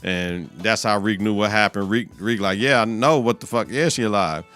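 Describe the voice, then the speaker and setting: Speaking at normal speed in a voice on the low side, this podcast host gives a loose, profane recap of a TV episode. He's animated throughout and voices the characters' lines himself.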